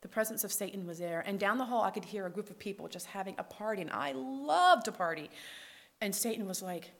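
A woman telling a personal faith testimony as a lively storyteller, acting out the dialogue and dropping to a whisper at tender moments. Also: mid-range voice, a little fast. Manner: lively storyteller who acts out quoted dialogue. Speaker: speaker sharing her faith testimony.

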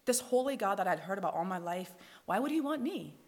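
A woman shares her faith testimony, telling the story in an animated way. She acts out each character's words and drops to a hushed whisper at tender points. Her voice sits in a middle pitch. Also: brisk. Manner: lively storyteller who acts out quoted dialogue.

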